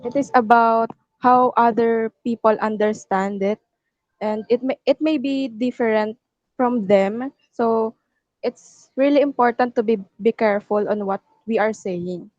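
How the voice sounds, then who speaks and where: A woman's voice: fairly high pitch, a little slow, a little mellow, no echo. A female student answering in class, hesitant and restarting her words. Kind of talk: class recitation. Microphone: video call. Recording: dull, dry video call audio.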